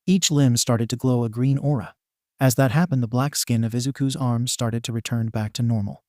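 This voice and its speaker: A man narrates a fan fiction story in a plain, steady reading voice. His pitch sits in the middle range, and the recording is dry and close with no room sound. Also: normal speed, no room sound.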